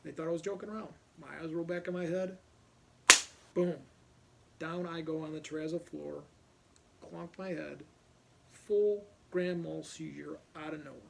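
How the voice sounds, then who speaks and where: A man's voice: a little high, fairly even intonation, normal speed, vocal fry, long pauses, darkish tone, slight background noise. A middle-aged man from Ohio, a police officer, casually telling a personal story and animatedly acting out other people's lines.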